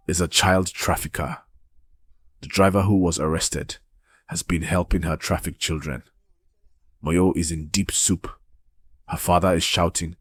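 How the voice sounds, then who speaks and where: A man's voice: sits low, no echo. A man narrating a movie recap in a dramatic, gossipy way, talking straight to his listeners.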